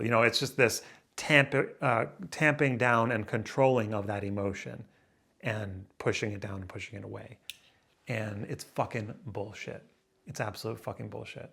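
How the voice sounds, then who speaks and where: A man in his late thirties ranting to camera in a raw, emotional vlog, angry and swearing, stumbling over restarts and swinging between loud outbursts and low muttering. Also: moderate pace, creaky, slightly rough. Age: 30s. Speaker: vlogger.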